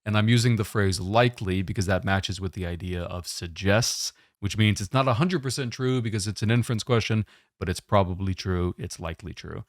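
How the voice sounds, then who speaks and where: A man giving a test-prep lesson, explaining question types in a steady, methodical way. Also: on the low side, fairly quick, no room sound, clean studio sound.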